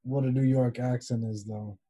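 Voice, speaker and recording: A man's voice: mid-range voice, little pitch movement, normal speed, dark tone, breathy edge, no echo. A man co-hosting a casual podcast chat, throwing in dry joking asides. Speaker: podcast co-host.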